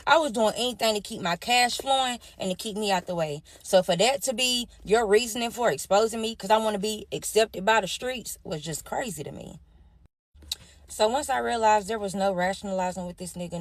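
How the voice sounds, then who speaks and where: A woman's voice: medium pitch, brisk, no echo. A young adult woman telling a personal story candidly, talking straight to her listeners. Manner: candid, addresses listeners as y'all. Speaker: storyteller sharing her life.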